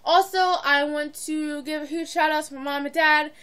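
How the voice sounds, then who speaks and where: A woman's voice: high-pitched, steady tone, moderate pace, fairly bright tone. A teenage girl vlogging from home in a bubbly, rambling, giggly way. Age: teens. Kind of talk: casual chat to camera. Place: at home, indoors.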